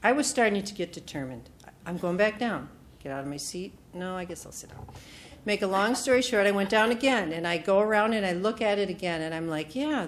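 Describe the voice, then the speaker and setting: Woman telling a lively personal story. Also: mid-range voice, slight background noise. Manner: animated storytelling, acting out quoted voices. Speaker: retreat speaker. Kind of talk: personal testimony talk. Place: retreat meeting room.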